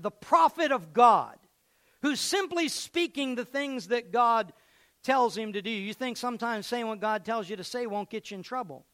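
A man's voice: very high voice, fairly bright tone. A man preaching a sermon and retelling a story, acting out its scenes.

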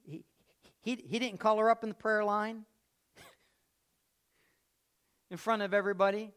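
A man preaching a sermon, telling a story and swinging between hushed delivery and loud, raised passages. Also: high-pitched, level tone, slow.

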